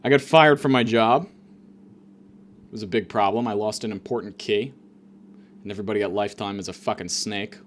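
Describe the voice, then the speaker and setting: A man's voice: on the low side, fairly quick, long pauses, slight background noise. A man hosting a comedic monologue, ranting in a rambling, profane way, full of fillers and restarts. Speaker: comedian host.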